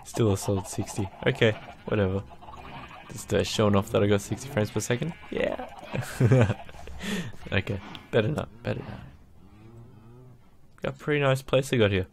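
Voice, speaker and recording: A young man casually narrating his own gameplay in a relaxed, rambling way, having just woken up. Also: on the low side, a little fast, background noise. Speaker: gaming YouTuber. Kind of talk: casual Minecraft let's play.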